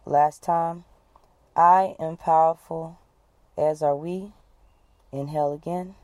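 A woman coach leading listeners through a guided breathing exercise, giving calm, repeated instructions. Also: low-pitched, slow. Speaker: wellness coach.

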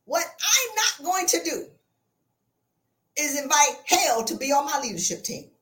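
A woman's voice: high-pitched, very animated, measured pace, a bit bright. A blunt, emphatic woman giving a motivational talk, repeating her points. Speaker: motivational speaker.

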